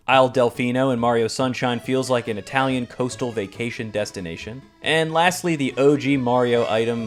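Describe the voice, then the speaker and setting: A man's voice: medium pitch, fairly bright tone. A man hosting a scripted video game explainer, with wry, casual asides. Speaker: host. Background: faint guitar music.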